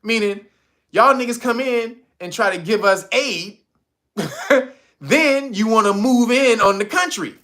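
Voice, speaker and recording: A man with a high, bright voice riffing in a loose, slangy rant. He swears freely and keeps laughing at his own points. The delivery is casual, commentary to the camera. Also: a little slow. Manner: profane, laughs often, slangy. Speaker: commentary vlogger.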